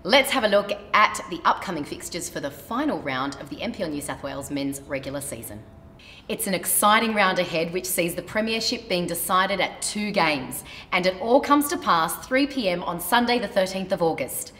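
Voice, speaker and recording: A woman hosting a sports show, interviewing a guest and reading fixtures in brisk, friendly announcing. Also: lowish voice, lively intonation, bright, forceful tone, roomy sound. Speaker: show host. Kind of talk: interview and scripted sports segment.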